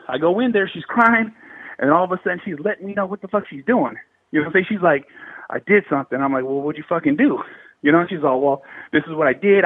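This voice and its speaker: A man's voice: sits high, slightly rough, dry recording, narrow, tinny audio. A man in his thirties from the Bay Area, telling a paranormal story in slangy, profanity-heavy casual talk. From Bay Area, California. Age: 30s. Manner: heavy swearing, slangy and animated.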